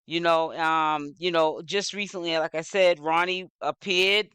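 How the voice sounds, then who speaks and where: Man with a bright, crisp voice, casual commentary host, rambling with lots of "you know" fillers. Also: on the high side, fairly even intonation, a little slow, dry recording, studio quality. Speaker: social media news commentator.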